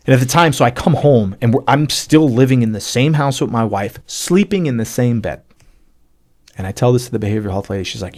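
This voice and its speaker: A man from the United States speaking at a middle pitch, as a podcast guest recounting his own story. He talks casually and emotionally, leaning on fillers like "like" and acting out both sides of his conversations. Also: a little fast, darkish tone. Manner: storytelling with lots of fillers and acted-out dialogue. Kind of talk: emotional personal testimony.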